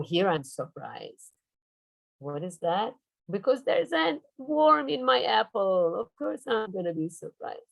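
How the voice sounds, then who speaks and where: A woman runs a teacher-training workshop over a video call, talking animatedly as she holds up her teaching materials. Her voice carries a gravelly fry. The sound is close and dry. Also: medium pitch, no room sound, rough recording. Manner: animated, demonstrative, shows props.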